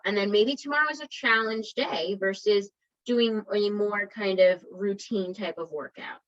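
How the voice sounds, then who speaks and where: Woman coach, motivational talk, conversational, encouraging, checks in with listeners often, mid-pitched voice, dull lo-fi sound. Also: normal speed, fairly bright tone. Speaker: wellness coach. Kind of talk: motivational talk to an online group.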